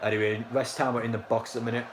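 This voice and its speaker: A man's voice: medium pitch, little pitch movement, racing, crowd noise. A young man, casually commentating a football match live and chatting to viewers in a rambling way. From North East England. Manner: rambling, filler-heavy, reacts to chat.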